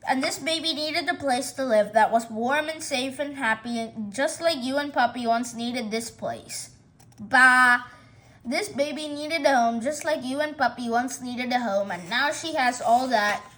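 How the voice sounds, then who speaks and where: A woman voicing a patient pet owner who gently scolds and explains. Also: high voice.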